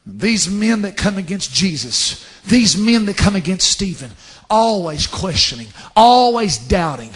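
A man preaching a fervent sermon, dropping to hushed asides and rising to shouted scripture. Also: high-pitched, breathy edge.

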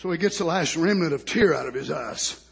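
A man preaching a sermon who moves from slow, hushed storytelling to fervent shouting, repeating words and calling out hallelujah. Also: a little high, animated, creaky, breathy edge.

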